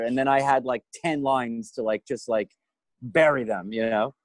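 A man in the middle of a casual podcast chat, telling a long and animated story at his own expense, with plenty of swearing. His voice sits at an ordinary pitch. It is picked up close and dry, with no room sound. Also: moderate pace, no room sound, poor audio. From Canada. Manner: animated storyteller, self-deprecating, swears freely. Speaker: guest actor.

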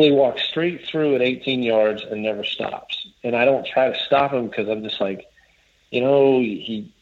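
A man casually telling a long story as a guest, rambling and restarting as he quotes others. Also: mid-range voice. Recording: dull lo-fi audio.

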